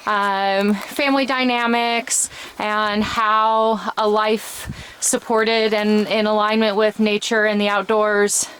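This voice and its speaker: A woman's voice: medium pitch, little pitch movement, slow pace, fairly bright tone, a little hiss or hum, poor audio. A woman hosting a podcast, interviewing a guest in casual chat on a hike and asking encouraging, open questions. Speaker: podcast host. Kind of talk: casual interview while hiking. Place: outdoors on a hiking trail.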